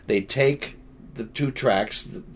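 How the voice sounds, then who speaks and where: An older man, a podcast guest, telling stories in a halting, rambling way with many restarts and laughing asides. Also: mid-range voice, slight background noise. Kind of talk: casual storytelling.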